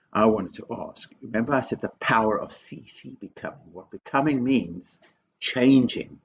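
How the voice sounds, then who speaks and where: Man, headteacher, school assembly talk, emphatic and questioning, deep voice, muffled lo-fi recording. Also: vocal fry. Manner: emphatic and teacherly, repeats key words, asks many questions. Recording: dull lo-fi video recording with faint background noise.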